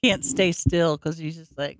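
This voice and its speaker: A woman co-hosting a podcast who laughs often and throws in quick reactive quips. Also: sits low, no room sound. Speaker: podcast co-host. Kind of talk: casual chat.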